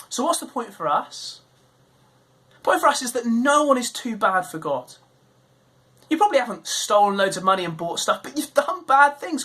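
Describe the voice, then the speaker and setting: A woman's voice: high-pitched, slightly rough. A woman leading an online children's Bible talk for a church, telling the story with energy and acting out the voices in it. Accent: British. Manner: animated storytelling, acts out quoted voices.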